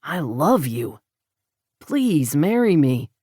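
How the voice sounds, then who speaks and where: A man's voice: on the high side, sing-song, slow pace, mellow, dry recording, clean studio sound, heavily acted. A woman voicing a lovesick rancher man, earnest and pleading, in an audiobook romance.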